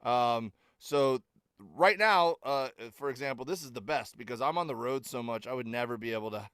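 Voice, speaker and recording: Speaking at normal speed in a clear, resonant, medium-pitched voice with no echo, this middle-aged comedian is a podcast guest spinning stories over casual chat. His delivery is lively and packed with fillers, and he performs the lines he quotes.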